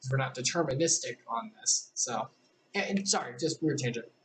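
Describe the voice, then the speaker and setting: Chatty woman streamer with a lively voice. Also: extremely low pitch, normal speed, slight background noise. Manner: chatty, wandering tangents, apologetic asides. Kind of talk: casual chat and reading aloud.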